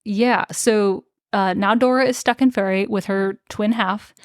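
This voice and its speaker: A woman's voice: medium pitch, fairly even intonation, a little slow, no room sound, studio quality. A young woman co-hosting a podcast, recapping a book in casual chat, full of filler words and swearing. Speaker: podcast co-host.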